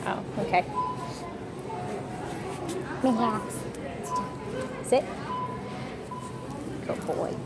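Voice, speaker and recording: A young woman with a mid-range voice vlogs casually with her service dog, speaking very slowly with long pauses over background noise. She coos at him in a sing-song baby voice and gives him short commands.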